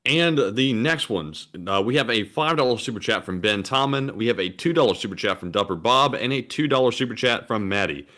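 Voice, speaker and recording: A man co-hosting a livestream, reading out viewer messages in a plain, steady way. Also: medium pitch, a little fast, hardly any pauses. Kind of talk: livestream casual chat.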